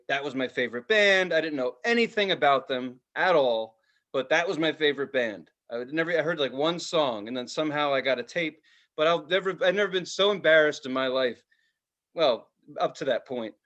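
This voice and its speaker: Co-hosting a laid-back podcast, a man in his forties spins lively stories full of profanity and acted-out quotes. His voice leans high and a little fast, and the highs are cut off.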